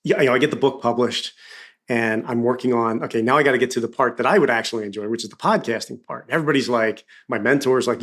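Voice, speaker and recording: A man's voice: medium pitch, fast. A man with a Philadelphia accent, a podcast guest telling stories in casual conversation and acting out quoted dialogue. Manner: animated storyteller, acts out quoted dialogue.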